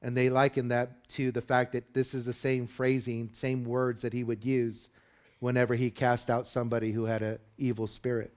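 A man preaching a sermon in an earnest, expressive way. His voice sits at an ordinary middle pitch and rises when he stresses a point. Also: moderate pace. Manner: earnest preaching, rising loud and high when dramatizing the disciples. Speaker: pastor.

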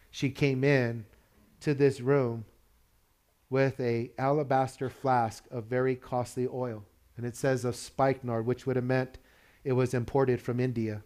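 A man preaches a sermon in a relaxed, conversational way. He puts questions to the congregation and chuckles between points. His voice sits at an ordinary middle pitch. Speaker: pastor.

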